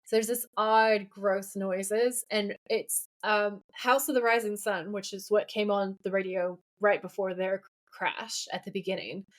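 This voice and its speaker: A woman's voice: medium pitch, unhurried, hardly any pauses. Chatty woman podcast co-host. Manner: chatty, animated retelling with frequent laughter. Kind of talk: casual podcast episode recap.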